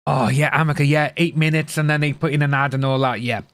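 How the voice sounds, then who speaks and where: A man's voice: fairly high pitch, steady tone, quick pace. A man chatting casually to his livestream viewers, blunt and ranting, swearing freely. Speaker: livestream host.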